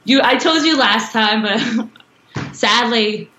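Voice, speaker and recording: A woman's voice: fairly high pitch, slow, pushed and bright, a little hiss or hum. A woman rock singer chatting loosely in an interview and laughing often. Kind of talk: casual interview chat. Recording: roomy, dull lo-fi sound.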